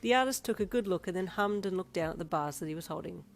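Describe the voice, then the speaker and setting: A woman narrating a second-person fan fiction story in an even storytelling manner. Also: lowish voice, quick pace, hardly any pauses. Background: faint instrumental music.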